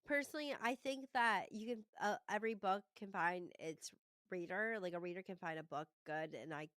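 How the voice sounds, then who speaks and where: An American woman co-hosting a book podcast in casual chat, upbeat and quick to laugh. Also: mid-range voice, a bit bright, no room sound. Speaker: podcast co-host.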